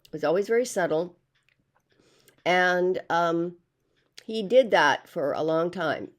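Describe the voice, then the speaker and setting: Older female vlogger with a lowish voice, rambling and hesitant, lots of fillers. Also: expressive, slow. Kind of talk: casual monologue to camera.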